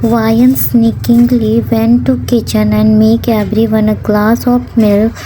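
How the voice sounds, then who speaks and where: A woman reading her own fan fiction aloud as a storybook narration, steady and unhurried. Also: on the high side, slight background noise, low-quality recording.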